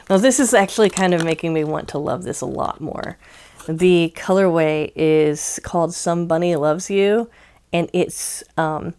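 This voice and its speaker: A woman's voice: on the low side, a little hiss or hum. A woman hosting a casual crafting unboxing vlog, talking in a chatty, rambling way with many ums and easy laughs. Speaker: crochet channel host.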